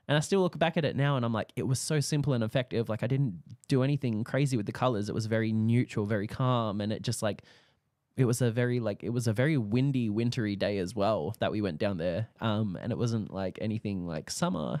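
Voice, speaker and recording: Animated young Australian man, dry close sound. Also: fairly low pitch, brisk, no room sound. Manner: animated storytelling, acts out quoted dialogue, laughs often. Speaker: guest photographer. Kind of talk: casual interview chat.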